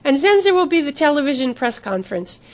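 A woman voicing a cool, controlling female research director with a put-on accent and a crisp, condescending manner. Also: sits high, very animated, quick pace, pitched above the performer's own voice. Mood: coolly formal.

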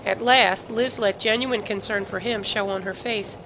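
A woman narrating a novel as an audiobook, with even, steady storytelling. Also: medium pitch, moderate pace, hardly any pauses, slight background noise, poor audio. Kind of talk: scripted narration.

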